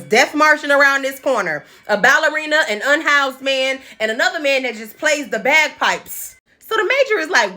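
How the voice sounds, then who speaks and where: A woman hosting a comedic recap, sassy and animated, acting out the characters' lines as she tells the story. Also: sits high. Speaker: podcast host recapping an episode.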